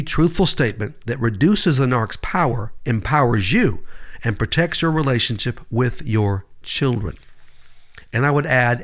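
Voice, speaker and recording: A man, a psychologist, delivering a blunt, emphatic advice monologue straight to his viewers. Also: mid-range voice. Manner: emphatic, blunt, punchy delivery with sharp rises. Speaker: psychologist giving relationship advice.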